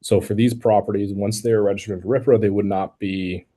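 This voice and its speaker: A man with a low, mellow voice answers questions at an online public meeting. He speaks as city staff, careful and technical, and often stops to restart a sentence. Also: fairly even intonation, brisk.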